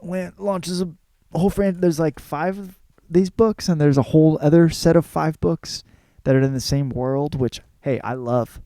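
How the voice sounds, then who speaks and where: Rambling, gravelly man with a dark voice. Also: on the high side, normal speed, no room sound. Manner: crude, rambling, self-mocking, lots of fillers and cursing. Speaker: podcast host. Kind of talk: casual rambling comedic monologue.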